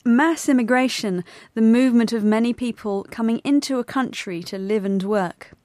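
A woman with a fairly high voice presents a scripted lesson, explaining words clearly and carefully. The sound is dry and close. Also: normal speed, a little mellow, no echo. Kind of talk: scripted educational podcast.

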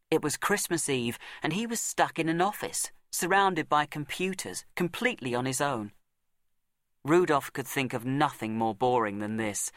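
A man narrates a storybook in a slightly high voice. He reads in a measured, deliberate way, slowing down and pausing for effect. The recording is close and dry, with no room sound. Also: a bit bright, no echo. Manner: measured, dramatic pauses and slowed emphasis.

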